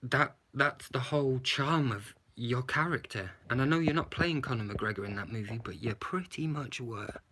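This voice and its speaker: A man's voice: medium pitch, moderate pace, hardly any pauses, bright, forceful tone, a little hiss or hum. A man giving a blunt, sarcastic movie review, swearing and adding "yeah?" to his points. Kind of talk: casual movie review rant.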